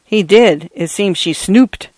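A man's voice: high voice, slow, darkish tone, no room sound. A man voicing a genial priest in his late fifties who chats easily and tells gossip, in a read-aloud story. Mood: chatty. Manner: easygoing, chatty.

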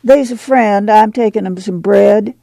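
Man doing a weary migrant mother, firm, gravelly, mellow, dry close sound. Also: sits high, a little slow, no room sound, voice pushed up.

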